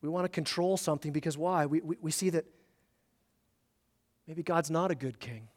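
A man's voice: on the high side, normal speed. A man preaching a sermon to his congregation in a conversational way, often repeating words for emphasis. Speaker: pastor.

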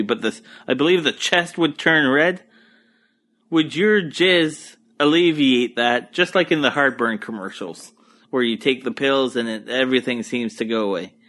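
A man's voice: mid-range voice, a bit bright. A young man with an Acadian French accent, hosting a solo podcast from home in a crude, rambling, profane and easygoing way. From Moncton, New Brunswick, eastern Canada. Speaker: podcast host. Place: at home on a couch.

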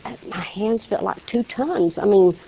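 A woman's voice: mid-range voice, unhurried, vocal fry, husky. A woman giving a personal faith testimony in a folksy storytelling way, acting out the people in her story. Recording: slightly dull lo-fi recording.

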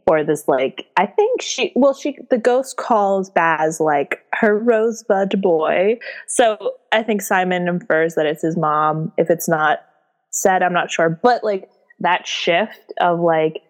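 A woman's voice: fairly low pitch, slow pace. Young woman chatting casually about a book. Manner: animated, swears freely, many fillers. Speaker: podcast co-host.

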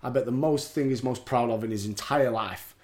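A man's voice: mid-range voice, fairly quick, a little mellow. A man hosting a casual podcast, recapping wrestling shows and laughing often as he talks. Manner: laughs often, reads out rankings. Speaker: podcast host.

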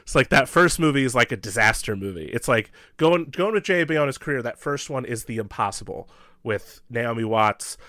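A man co-hosting a podcast in casual movie-review chat, animated and laughing often, with many "like" fillers. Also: medium pitch, a little fast, dry recording. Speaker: podcast co-host.

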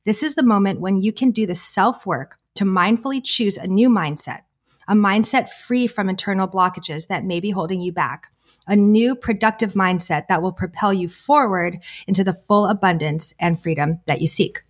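A woman co-hosting a podcast, reading a prepared definition in a measured, earnest way. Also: medium pitch. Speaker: podcast co-host.

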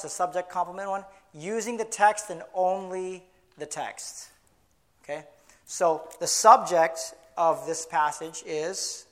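A man preaching in church, earnest, often restarting, slowing down to stress key words. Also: on the high side, fairly bright tone. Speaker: pastor. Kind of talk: sermon.

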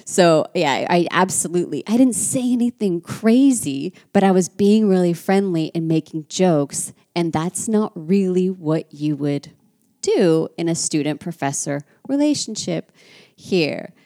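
A woman's voice: lowish voice, lively intonation, unhurried, warm tone. An American woman giving a chatty, reflective talk as a French culture teacher. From United States. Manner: chatty and reflective, with frequent asides. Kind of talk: casual teaching monologue.

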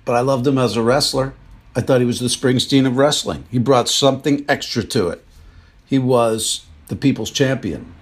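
His voice is husky and mid-range, moving at normal speed as he hosts a podcast and rambles through playful, ranting asides in an offhand comedic monologue.

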